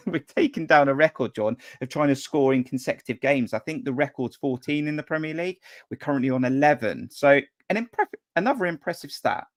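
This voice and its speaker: A man's voice: a little high, lively intonation, dry recording, clean studio sound. A man hosting a live football fan show, reading out viewer comments and teasing his co-host. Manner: teasing and brisk. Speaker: podcast host.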